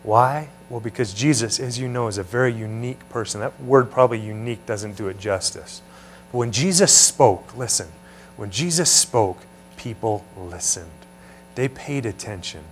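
A man's voice: medium pitch, moderate pace. A man preaching a teaching sermon in a conversational way, often asking his listeners questions. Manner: conversational, asks the room questions. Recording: mains hum behind voice.

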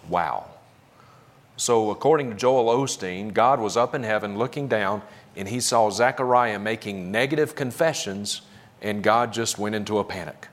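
A man's voice: lowish voice, a little slow. A man preaching a sermon, commenting on clips with sarcastic, critical emphasis. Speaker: pastor.

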